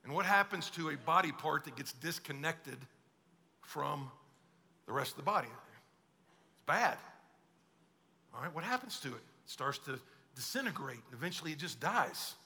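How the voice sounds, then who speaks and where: A man's voice: on the high side, animated, moderate pace, gravelly, long pauses, pushed and bright. A male pastor preaching a conversational sermon and acting out quoted voices. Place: church auditorium. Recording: long hall reverb.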